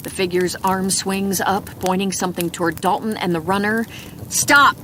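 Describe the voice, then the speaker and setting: A woman narrating a first-person mystery audiobook in a calm, measured reading. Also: mid-range voice. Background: crackling fireplace.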